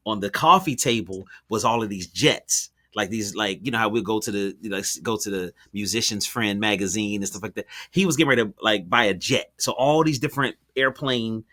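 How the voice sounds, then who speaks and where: Bright-toned man telling a story casually. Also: on the low side, a little fast. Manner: animated, slangy storyteller with many fillers and restarts. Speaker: podcast host.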